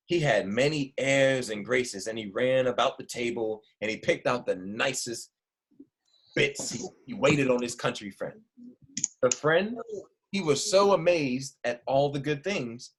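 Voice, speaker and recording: A man's voice: mid-range voice, slightly rough. A male teacher reading a storybook aloud to children and stopping to ask them questions. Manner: lively, asks the children questions.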